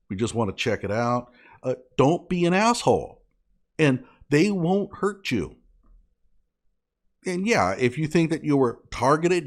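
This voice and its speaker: A man delivering an indignant, sarcastic commentary rant, scolding as he talks. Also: fairly high pitch. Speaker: online commentator.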